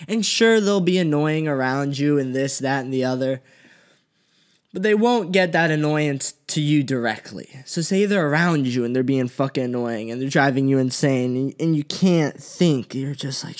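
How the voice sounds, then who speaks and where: A man's voice: medium pitch, normal speed, clear, resonant tone. A young man hosting a casual solo podcast, talking bluntly and swearing freely as he rants. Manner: profane, blunt and heated. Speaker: podcast host. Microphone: studio podcast mic.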